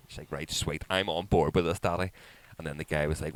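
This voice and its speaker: Animated man telling a story. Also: brisk, hardly any pauses, no echo, poor audio. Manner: animated storyteller, swears a lot, acts out quotes in high voices. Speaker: podcast co-host. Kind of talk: casual chat.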